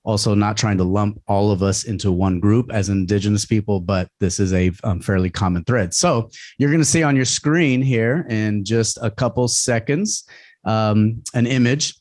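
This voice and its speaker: A man leads a community workshop in an easy conversational manner, his speech full of fillers and tag questions. His voice sits low and the recording is dry and close. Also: normal speed, a little mellow, dry recording. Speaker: presenter.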